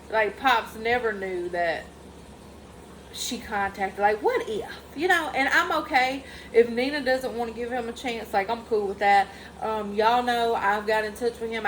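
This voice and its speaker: A woman's voice: on the high side, a little hiss or hum, low-quality recording. A young woman, candidly telling a personal family story to her followers in a casual vlog, speaking in loose run-on sentences full of "like". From Mississippi. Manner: heartfelt and candid, peppered with "like". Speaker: vlogger.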